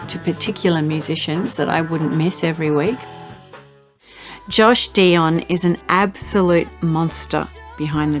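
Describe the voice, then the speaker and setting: A singer-songwriter, a woman, looking back on making her album in an earnest, grateful way. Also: fairly low pitch. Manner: earnest, grateful, heartfelt storytelling. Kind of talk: reflective promo narration. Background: faint music.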